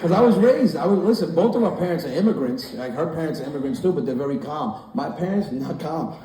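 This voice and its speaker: A man in his thirties doing stand-up comedy, telling stories loudly, acting out voices and swearing, on a stage mic in a large hall with a laughing audience. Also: fairly high pitch, fast, background noise. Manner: loud animated storytelling, acts out voices, swears. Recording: roomy hall from a distance with crowd laughter.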